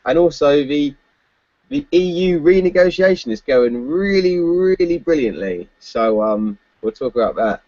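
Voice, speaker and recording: A man's voice: on the high side, a little slow, darkish tone, no echo, highs cut off. A man co-hosting a casual political chat podcast, talking loosely with frequent fillers and laughs. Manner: chatty, laughs often, many fillers. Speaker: podcast co-host.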